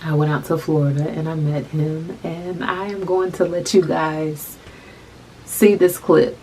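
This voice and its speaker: A young adult woman telling a personal story to camera, soft-spoken and halting, often repeating her phrases. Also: low-pitched, fairly even intonation, slight background noise, rough recording. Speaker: vlogger.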